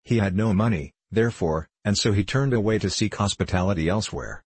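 A man narrating a storybook aloud in a steady, measured reading. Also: lowish voice, slightly rough, dry recording.

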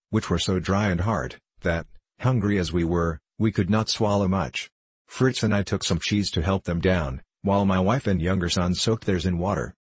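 A man narrating an old adventure novel in the first person, unhurried and measured. His voice is very low and a little husky. The recording is dry and close, with no room echo. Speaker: audiobook narrator. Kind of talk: audiobook narration.

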